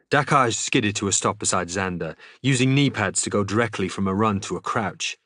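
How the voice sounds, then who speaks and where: A man reading a novel aloud in an expressive, dramatic audiobook style as a streamer. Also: lowish voice, no echo, clean studio sound.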